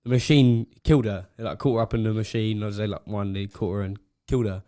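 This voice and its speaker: A man's voice: on the low side, fairly even intonation, fast talker, mellow. A man co-hosting a casual podcast, telling a long rambling joke with frequent laughs and trailing asides. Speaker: podcast co-host. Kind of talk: casual chat.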